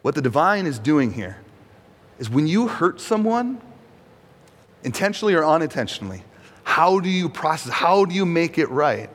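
A male pastor preaching in a relaxed, conversational way, turning to the audience with questions. His voice sits a little high. It carries a long reverb from a large hall. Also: normal speed. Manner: conversational, asks the audience questions, acts out quotes. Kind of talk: sermon.

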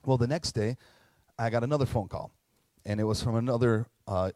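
A man's voice: mid-range voice, brisk, warm tone, no room sound. A middle-aged man preaching a sermon as pastor, earnest and conversational, telling stories and acting out quotes. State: tearing up at moments.

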